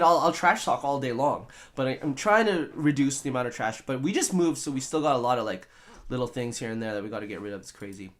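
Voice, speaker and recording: A man hosts a casual live stream from his home studio, reading viewer comments and rambling along. He jokes and plays with words, and his pitch bounces around in a lively, animated way. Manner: playful, rambling, jokey wordplay.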